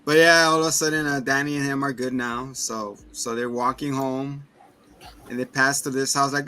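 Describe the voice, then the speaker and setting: A man's voice: medium pitch, steady tone, moderate pace, bright, forceful tone. A man co-hosting a casual movie review podcast, recapping the plot loosely with swearing and laughter. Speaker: podcast co-host.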